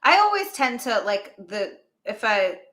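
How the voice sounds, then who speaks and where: A woman co-hosting a casual stream chat, relaxed and chatty, laughing along. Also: fairly high pitch, a little slow. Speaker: co-host.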